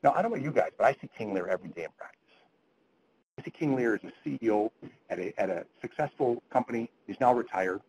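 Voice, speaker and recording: A male physician giving a medical grand rounds lecture, speaking at a quick clip. His delivery is earnest, with frequent restarts and repeated words. His pitch sits in the middle range, and a faint hiss runs under the sound. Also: animated, a little mellow, low-quality recording.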